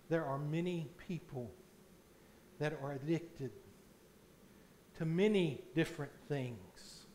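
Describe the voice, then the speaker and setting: A man preaching a sermon as pastor in a church, slow and deliberate, swelling loud on key points. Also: sits high, a little hiss or hum. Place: church sanctuary.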